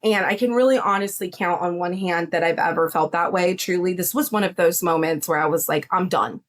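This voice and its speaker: Guesting on a podcast, a young adult psychic medium laughs and animatedly tells a story in casual conversation, imitating the voices of others. She speaks a little fast, in a voice on the low side.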